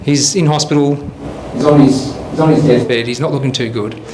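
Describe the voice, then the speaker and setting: A man telling jokes on a comedy show, relaxed and casual, acting out the punchlines. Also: mid-range voice, normal speed, background noise. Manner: relaxed storyteller, acts out the punchlines. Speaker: comedy show joke teller.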